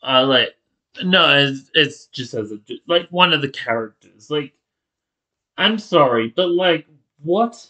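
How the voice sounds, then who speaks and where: A man's voice: on the high side, animated, slow, sharp tone, poor audio. A man angrily reacting to a video, swearing and cutting off his own words as he rants. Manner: furious, swearing, blurting, restarting words. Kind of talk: angry reaction rant.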